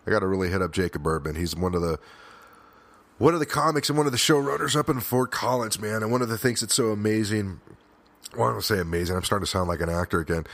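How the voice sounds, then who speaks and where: A man with a very low voice talks through a personal podcast monologue. He speaks earnestly and with plain emotion, often stopping and starting again mid-thought. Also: quick pace, fairly bright tone, no echo. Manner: frequent restarts and fillers, swears at times. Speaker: podcast host.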